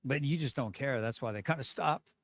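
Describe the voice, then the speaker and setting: A man's voice: medium pitch, fairly quick. A man chats on his own live stream in a mid-range voice. He rambles through fillers and hesitations, circling back to how he is treated. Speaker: live streamer hosting callers. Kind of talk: casual live-stream chat.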